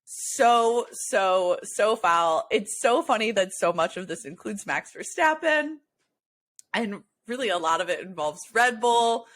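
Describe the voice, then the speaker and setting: Woman, podcast co-host, casual chat, animated, giggly. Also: mid-range voice, measured pace. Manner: animated, laughs a lot, wheezing with laughter.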